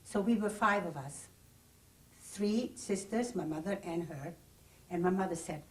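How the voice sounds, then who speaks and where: A woman's voice: on the low side, a little slow, recorded from a distance, rough recording. An older woman giving oral history testimony, recounting her memories in plain, vivid first-person detail. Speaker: interviewee. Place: private home.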